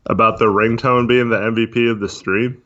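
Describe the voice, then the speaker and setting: A man chatting casually on a livestream, talking in a monotone with many fillers while reading chat. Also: mid-range voice, brisk. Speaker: podcast co-host. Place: voice only on a live stream. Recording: dull lo-fi stream audio.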